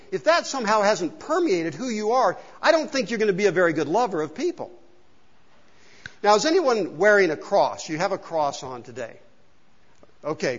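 A male pastor preaching a casual, joking sermon and asking the congregation questions, recorded in a church hall. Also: sits high. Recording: dull sound with long hall reverb.

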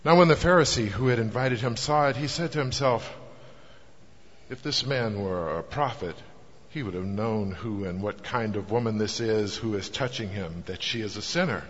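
A man's voice: lowish voice, moderate pace, fairly bright tone. Man reading scripture in a hall. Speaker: scripture reader. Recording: dull, long reverb in a hall.

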